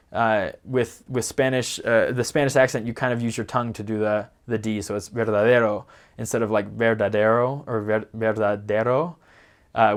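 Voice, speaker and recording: A young man talks through a lesson at a medium pitch. He is casual and loose, leaning on fillers and correcting himself mid-sentence. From United States. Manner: loose and rambling, many fillers and self-corrections. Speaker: returned missionary teaching pronunciation.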